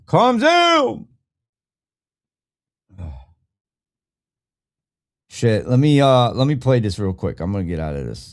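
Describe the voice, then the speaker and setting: A man's voice: mid-range voice, a little mellow, no echo, studio quality. A man hosting a live podcast, ranting angrily and bluntly with heavy swearing while greeting chat viewers by name. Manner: angry, profane, blunt ranting. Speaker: podcast host. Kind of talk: livestream rant.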